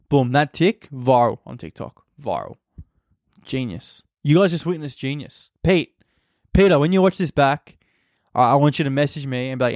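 On a close mic in a dry recording, this young Australian podcast host delivers a loose, crude, self-deprecating comic monologue. His medium-pitched voice is expressive and darkish, moving at normal speed.

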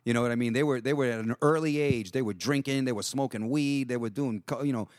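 A man's voice: mid-range voice, fast, no room sound, studio quality. A middle-aged man, telling a rambling street story in casual chat and swearing freely. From Jackson Heights, New York. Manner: profane, rambling, acts out voices.

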